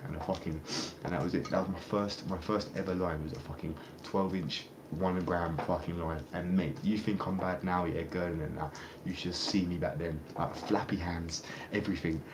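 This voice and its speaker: A man's voice: low voice, steady tone, normal speed, few pauses. A young man rambling in a casual street interview, swearing a lot and restarting his sentences. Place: outdoors on a street. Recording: noisy street ambience.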